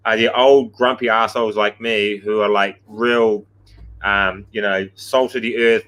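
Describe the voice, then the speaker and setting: A man's voice: lowish voice, normal speed, a bit bright, rough recording. A man, co-hosting a casual gym chat show, blunt and swearing, telling stories with a self-mocking edge. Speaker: podcast co-host, gym coach.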